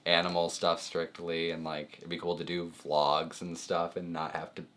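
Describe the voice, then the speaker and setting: A man's voice: low-pitched, monotone, normal speed, fairly bright tone. A young man chatting casually with his girlfriend on camera, laughing often and hedging with lots of fillers. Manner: giggly, hesitant, lots of fillers. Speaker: boyfriend, guest. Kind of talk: casual chat.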